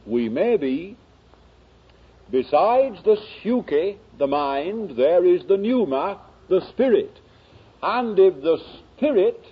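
A man preaching a sermon in slow, dramatic oratory that builds to emphatic peaks. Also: fairly high pitch, breathy edge, dull audio.

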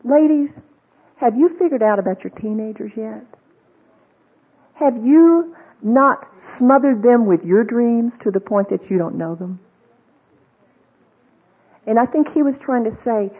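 A woman teaches a women's group in a relaxed, conversational way, asking her listeners question after question. Her voice is husky and a little breathy. The recording is thin and tinny, as if heard over a phone line. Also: a little high, measured pace, pauses often. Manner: conversational, asks the audience many questions; acts out quoted voices, with fillers and restarts. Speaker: Bible teacher.

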